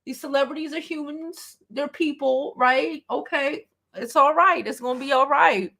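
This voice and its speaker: A woman in her thirties hosting a casual livestream, animated and quick to laugh. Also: high-pitched. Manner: slow, animated, laughs often. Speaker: livestream host.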